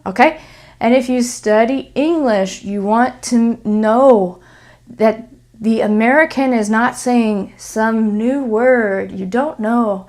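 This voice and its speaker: Woman English teacher, slightly high voice, slow, clear, repeats examples. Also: a little mellow. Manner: frequent "okay?" check-ins. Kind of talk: English pronunciation lesson.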